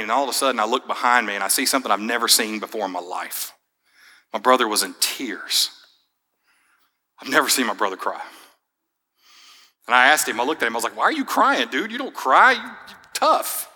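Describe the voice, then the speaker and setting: Young male pastor, conversational storyteller, tense bright tone, long hall echo. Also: medium pitch, fast talker, pauses often. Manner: casual, storytelling, fillers like man and dude. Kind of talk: sermon with personal story.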